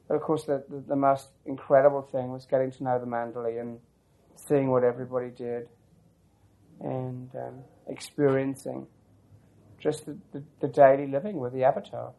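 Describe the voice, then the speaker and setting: Poor audio captures a man recounting a lengthy personal story for an oral history, reflective and meandering, with many restarts and side comments. His voice is mid-range, gravelly and warm, delivered flatly at a normal speed.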